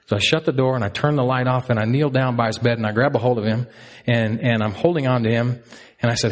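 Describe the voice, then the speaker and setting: A man's voice: mid-range voice, steady tone, quick pace. Earnest male pastor preaching a sermon. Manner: earnest, repeats key lines for emphasis.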